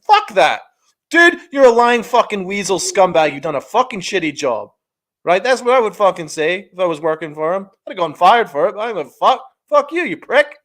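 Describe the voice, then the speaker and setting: A man's voice: high-pitched, big pitch swings, fairly quick, fairly bright tone. Ranting, profane male podcast co-host. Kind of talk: heated casual podcast chat.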